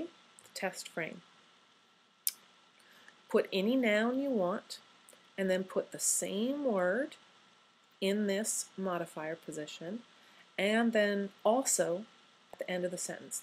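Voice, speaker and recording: A woman's voice: mid-range voice, slow pace, long pauses, slight background noise, poor audio. A woman giving a recorded university grammar lecture, conversational and wry, often posing questions to her students.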